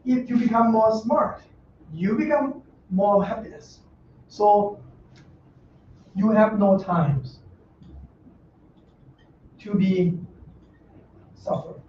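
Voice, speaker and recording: High-voiced monk, roomy and distant. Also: male voice, extremely slow, long pauses. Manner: blunt, joking, broken English with laughs. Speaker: monk teaching a Dhamma class. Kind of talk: informal dharma talk. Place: meditation center hall. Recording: roomy, distant, dull mic with faint noise.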